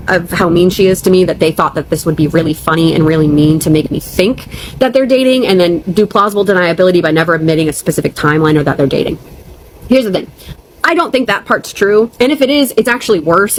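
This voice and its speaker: A woman's voice: on the low side, a little hiss or hum, poor audio. A young woman telling a storytime vlog, ranting and upset, blunt and profane, on the verge of tears. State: near tears.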